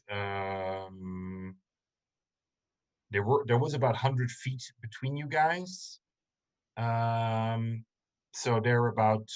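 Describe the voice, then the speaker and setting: A man running a tabletop game over a video call, mid-pitched and measured. He fills his pauses with ums as he works out distances and moves the scene along. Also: lo-fi sound. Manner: hesitant, many ums, measured. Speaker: game master.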